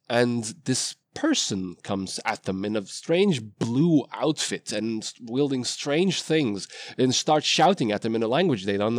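A man's voice: medium pitch, no room sound. Rambling male game master. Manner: rambling, self-interrupting storyteller. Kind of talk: casual podcast chat.

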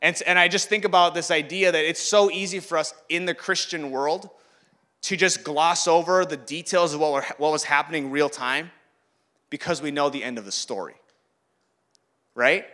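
A man giving a sermon in a conversational way, acting out the voices he quotes and swinging from loud to hushed. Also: fairly high pitch, normal speed. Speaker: pastor.

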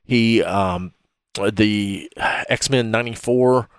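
A man's voice: fairly low pitch, clean tone, no echo, studio quality. A man hosting a casual podcast, rambling and stumbling over names as he talks. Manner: rambling, halting, fumbles names. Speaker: podcast host.

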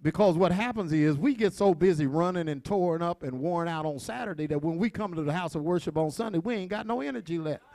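A man preaching a sermon to his congregation, with call-and-response, shouted peaks and quiet asides. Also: on the high side, fairly quick, hardly any pauses, dry recording. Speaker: pastor.

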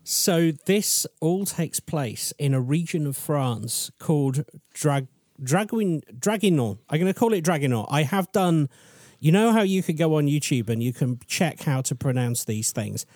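Recorded in studio quality with no room sound, a podcast co-host with a highish, darkish voice speaks animatedly but a bit slowly, rambling chattily through a story at his own expense.

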